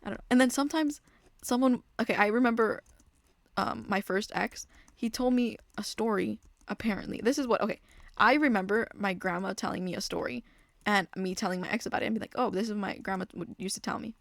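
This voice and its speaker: A young woman chats through meandering stories as she plays a game. She keeps cutting herself off and drifts into quiet muttered asides. Her voice sits at a middle pitch and sounds dry and close to the mic. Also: brisk, dry recording. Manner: rambling, self-interrupting, trailing off into mutters. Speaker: gaming vlogger. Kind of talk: casual storytelling while playing a game.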